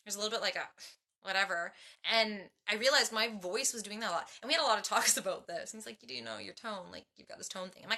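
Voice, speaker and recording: Bright-voiced, animated woman chatting. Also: medium pitch, fast talker, vocal fry. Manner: animated and expressive, acts out quoted dialogue; chatty, with many fillers and restarts. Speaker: transformation coach. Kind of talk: casual behind-the-scenes chat.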